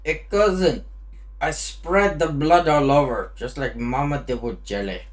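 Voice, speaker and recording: A man's voice: fairly high pitch, measured pace, natural voice. A man voicing a brash, chummy male cousin from a crime video game, with a put-on Eastern European accent and broken English. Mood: gleeful.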